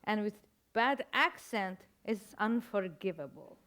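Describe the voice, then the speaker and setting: A woman's voice: mid-range voice, lively intonation, fairly bright tone. Older woman with a Persian accent. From Iran. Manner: halting, searching for words, wry humor. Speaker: author guest. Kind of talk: reflective interview storytelling.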